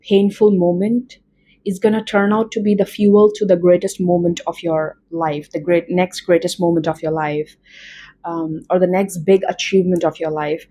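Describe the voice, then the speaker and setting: A woman's voice: fairly low pitch, level tone, moderate pace, mellow, poor audio. A woman with an Indian accent doing a casual tarot reading, chatty and rambling with many fillers. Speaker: tarot reader.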